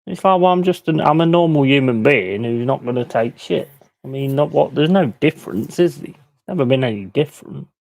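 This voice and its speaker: A man's voice: mid-range voice, animated, fairly quick, gravelly, darkish tone, dry recording. A middle-aged man hosting a live stream, ranting bluntly and swearing freely in casual chat. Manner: mimics other people in quoted voices. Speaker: livestream host.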